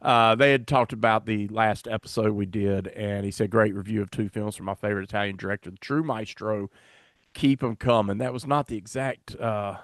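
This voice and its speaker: Fumbling his way through a casual podcast chat, a man rambles and pokes fun at himself. He speaks at medium pitch, and the studio recording is clean with no echo.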